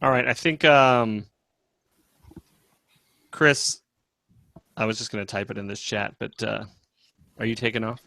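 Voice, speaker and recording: A man's voice: fairly low pitch, unhurried, gravelly, long pauses, bright, forceful tone, no echo. Laid-back man hosting a podcast. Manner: laid-back, swears casually. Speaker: podcast host. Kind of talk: casual chat.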